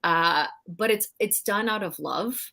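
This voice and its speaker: A middle-aged woman, a guest in a casual interview, telling animated stories with frequent laughs and fillers. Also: mid-range voice, a little slow, gravelly. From Canada. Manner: animated storyteller, laughs often, many fillers. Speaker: guest actress.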